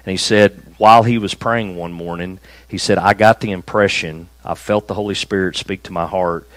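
Low-voiced pastor preaching. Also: male voice, fairly even intonation, fairly bright tone, no room sound, poor audio. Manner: conversational preaching, slow emphatic stresses on key phrases. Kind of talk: sermon. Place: small church room, also streamed.

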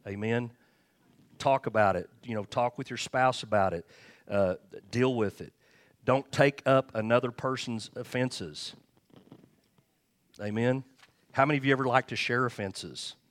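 A pastor preaching a sermon, candid and joking, with chuckled asides to the congregation. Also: male voice, medium pitch, a little slow, pauses often.

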